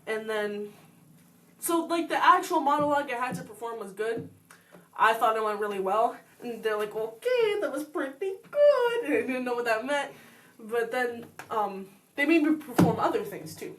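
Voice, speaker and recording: A woman's voice: a little high, normal speed, a bit bright, recorded from a distance, rough recording. A young woman co-hosting a podcast, telling a story in a chatty way, often acting out what she said, with lots of "like" and "um". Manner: chatty, quotes herself often, many fillers. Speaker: podcast co-host. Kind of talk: casual chat.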